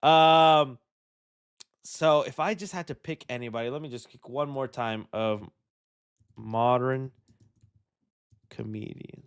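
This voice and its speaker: A man's voice: mid-range voice, takes it slowly, long pauses, smooth. A man hosting a live movie news stream, chatting loosely with his viewers, joking, trailing off and restarting his thoughts. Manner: rambling, joking, reads and answers chat, hesitant restarts. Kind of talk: casual live-stream chat.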